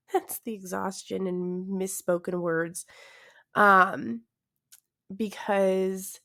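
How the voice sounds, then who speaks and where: A tired young woman hosting her own podcast in casual chat, awkward and self-deprecating, laughing often and trailing off into fillers. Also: medium pitch. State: tired, yawning. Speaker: podcast host.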